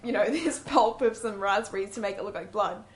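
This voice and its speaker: A woman's voice: medium pitch, a little fast. A woman co-hosting a community radio show, chatting casually, laughing often and acting out funny quotes. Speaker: radio co-host.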